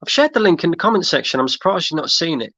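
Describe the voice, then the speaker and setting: A man's voice: on the high side, sing-song, fast, dull audio, background noise. A man hosting a fan livestream, ranting in exasperation and repeating himself while he reads out chat comments. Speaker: fan channel host. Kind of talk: livestream rant reading chat.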